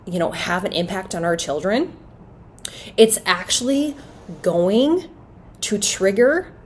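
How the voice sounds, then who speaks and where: A woman hosting a parenting podcast, speaking in an animated, emphatic way with rhetorical questions. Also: mid-range voice, a little hiss or hum. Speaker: podcast host.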